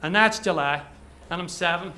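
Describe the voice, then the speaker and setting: Bright-voiced storyteller man. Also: sits high, moderate pace, slight background noise. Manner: vivid present-tense storytelling with quoted voices. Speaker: author. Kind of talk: reading his own short story aloud. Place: live reading event.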